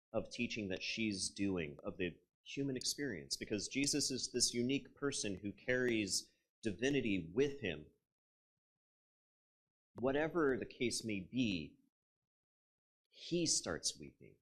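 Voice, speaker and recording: Pastor, male, low voice, unhurried delivery, reflective storytelling with asides to the congregation. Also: expressive, husky. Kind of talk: conversational sermon.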